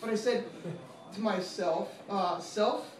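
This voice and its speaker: A man's voice: high-pitched, moderate pace. A man in his twenties, a law student, doing casual and profane stand-up comedy with lots of fillers at an open mic. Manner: casual, profane, self-deprecating delivery with many fillers. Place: small comedy venue with live audience. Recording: echoey room from far off, noisy.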